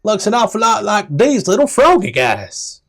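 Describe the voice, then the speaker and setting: A man with a Scottish accent voicing an excitable woman guide, exclaiming in a high, drawn-out voice. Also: full character voice. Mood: eager.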